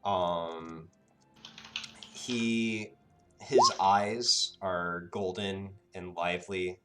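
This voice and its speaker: Slow, hesitant male game master. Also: deep voice, fairly bright tone, a little hiss or hum. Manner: hesitant, many "um" and "sort of". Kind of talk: narrating a tabletop game.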